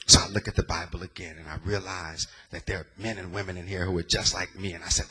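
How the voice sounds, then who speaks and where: Bright-voiced preacher, loud then hushed. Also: male voice, low voice, fast, few pauses. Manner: swings from loud preaching to hushed, near-whispered storytelling. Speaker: pastor. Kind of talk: sermon. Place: church sanctuary before a congregation.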